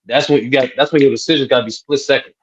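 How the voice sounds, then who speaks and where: A man who plays basketball, talking in a casual sports debate in a relaxed, slangy way. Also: medium pitch, very fast. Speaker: basketball player and panelist. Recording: dull lo-fi mic.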